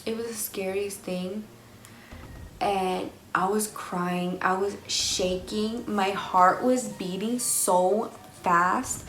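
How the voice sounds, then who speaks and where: A young woman, casually telling a personal story to camera in an animated, slangy way. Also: medium pitch, echoey room, low-quality recording. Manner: animated, swears freely, slangy. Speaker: vlogger.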